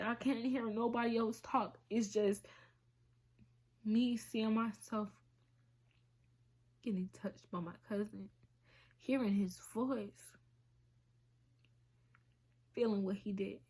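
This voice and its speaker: A woman talking in a halting, emotional way on a personal confessional vlog, often dropping to a whisper. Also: on the high side, steady tone, breathy edge. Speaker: vlogger.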